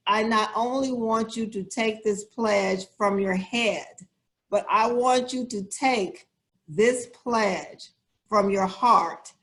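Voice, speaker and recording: Woman host, real slow and measured, leading everyone in a pledge. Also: mid-range voice, fairly bright tone. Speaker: CEO and program host.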